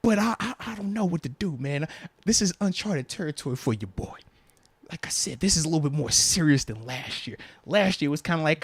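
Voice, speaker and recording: A man in his thirties hosting a casual sports podcast, an animated storyteller who swings between loud bursts and whispered asides. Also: a little high, brisk, breathy edge, no echo. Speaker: podcast host.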